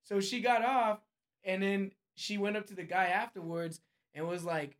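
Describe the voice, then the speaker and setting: A man's voice: sits high, steady tone, moderate pace, fairly bright tone. A man casually telling friends about a wild night out, using a lot of slang. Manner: slangy, laid-back storytelling. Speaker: local friend showing guests the nightlife. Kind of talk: casual group chat.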